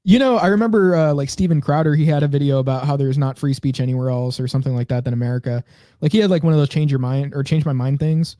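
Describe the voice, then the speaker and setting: A man co-hosting a podcast, casually thinking out loud as he scrolls through and reads posts. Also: mid-range voice, steady tone, quick pace, no room sound, clean studio sound. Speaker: podcast co-host.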